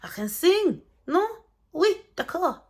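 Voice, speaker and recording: A woman doing an affronted young diva in a showy mock-French accent, high, loud and theatrical. She sounds haughty and wounded, her voice pitched well above her usual register. Her delivery is full of exaggerated drama. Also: sing-song, slow, slight background noise, heavily acted. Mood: indignant.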